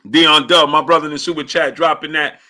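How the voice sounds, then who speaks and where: Casting note: a man with a bright, forceful voice hosting a laid-back sports stream, telling rambling stories and greeting chat viewers. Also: fairly high pitch, steady tone, fairly quick. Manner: loose storytelling, shouting out chat viewers by name. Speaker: livestream sports show host. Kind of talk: casual live-stream chat.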